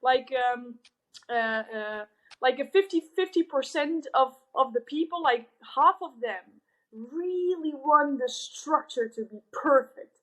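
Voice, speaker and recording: A woman with a high voice hosts an interview. She talks thoughtfully and often stops to search for the right words. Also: animated, slow pace, fairly bright tone, rough recording. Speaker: host. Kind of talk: conversational interview.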